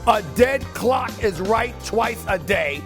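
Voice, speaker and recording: A high, piercing male voice booms through animated sports commentary, swinging between shouts and a sing-song catchphrase. Hip hop music thumps clearly behind him. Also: slow. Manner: shouts and half-sings a catchphrase over highlights. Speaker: sports show host.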